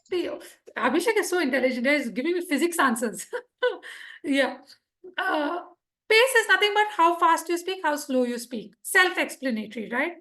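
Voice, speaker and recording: In a club meeting room, a female public speaking trainer from India leads an interactive workshop lesson at a normal pace. Her high, animated voice stays lively as she quizzes the audience and acts out examples.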